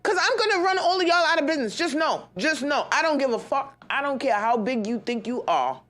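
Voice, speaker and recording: A young adult woman hosts a podcast and launches into a heated, profane rant. Her pitch sits a bit high and leaps all over the place. She swings between loud outbursts and low grumbles and laughs through her words. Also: lively intonation, quick pace. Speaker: podcast host. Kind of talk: ranting monologue.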